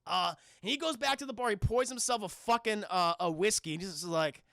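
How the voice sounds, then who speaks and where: A man's voice: high-pitched, brisk, fairly bright tone, dry recording, clean studio sound. A man streaming a casual scene-by-scene film recap to his chat, rambling and profane and often calling out to the viewers.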